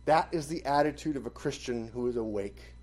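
A man preaching a sermon and closing in prayer, stressing key phrases with sudden loud emphasis. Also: medium pitch, fairly quick.

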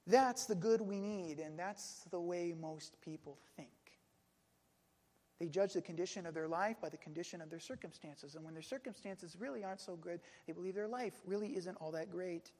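A man preaching a sermon earnestly, dropping soft then pressing hard. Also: high-pitched, normal speed, big-room sound. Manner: earnest, swings between soft and emphatic.

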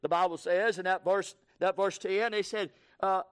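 A preacher delivers a sermon in a strikingly high voice for a man. He moves from low, hurried passages to shouted, fervent proclamation. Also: steady tone, clear, resonant tone.

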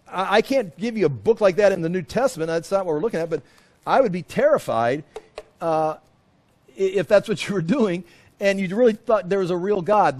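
A middle-aged male Bible teacher with a high voice, preaching a verse-by-verse sermon. He speaks emphatically, breaking into rhetorical asides and restarting his sentences. His delivery swings between animated bursts and quieter explanation.

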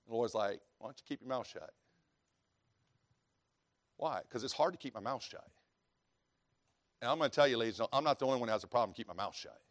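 A man preaching a sermon in a folksy, storytelling way, dropping to quiet asides and rising to loud preaching, reading scripture aloud. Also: medium pitch, expressive, quick pace, pauses often. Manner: reads scripture in old-fashioned wording.

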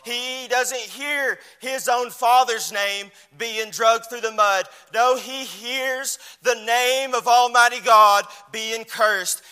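A man preaching a fiery sermon, his chanted cadence swelling into shouts. His voice sits very high and carries a bright, ringing edge. The church hall around him holds a long reverb. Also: clear, resonant tone.

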